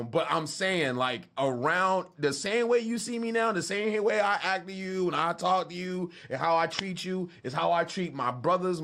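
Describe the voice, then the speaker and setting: A man's voice: on the high side, a bit bright. A man, talking loosely and joking with his stream chat from his studio. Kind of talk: casual livestream chat.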